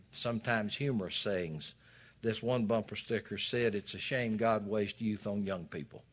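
A man's voice: on the low side, fairly bright tone. An older man preaching a sermon as a pastor, folksy and storytelling, with dramatic rises in his reading.

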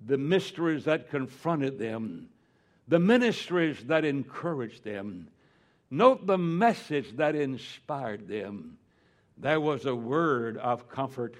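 An older man preaching a fervent sermon as a pastor, swinging from quiet, slow lines to sudden loud, high-pitched cries. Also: expressive.

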